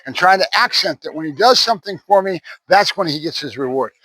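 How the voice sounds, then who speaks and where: A dog trainer with a high-pitched, expressive voice gives a brisk running commentary to the camera as he cues and praises a puppy outside, often ending points with "right?" The background is noisy.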